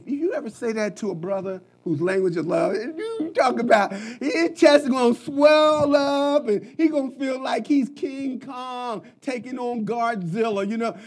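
High-voiced, impassioned male preacher. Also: lively intonation, unhurried, few pauses. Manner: impassioned preaching with repetitions and sudden loud peaks. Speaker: pastor. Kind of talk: sermon.

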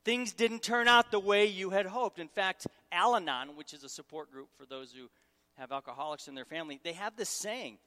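A middle-aged man delivers a sermon as a guest preacher, teasing the crowd and drawing it in with questions. His voice sits a little high and rings bright and forceful. A long reverb from a large hall trails after every phrase. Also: moderate pace. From Syracuse, New York. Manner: humorous, engaging the audience.

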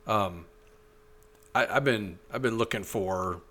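A man co-hosting a podcast, chatting casually in a halting, easygoing way full of fillers. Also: on the low side, pushed and bright. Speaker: podcast co-host. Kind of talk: casual chat.

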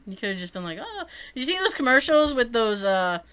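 A woman chatting casually, telling an animated story and acting out the people in it, laughing often. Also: on the high side, fast, clear, resonant tone. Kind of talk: casual chat.

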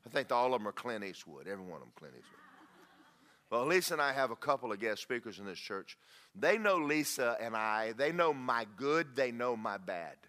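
A man's voice: medium pitch, big pitch swings, brisk, bright, forceful tone. A middle-aged man preaching a sermon. He tells folksy stories and rises into fervent prayer. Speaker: pastor.

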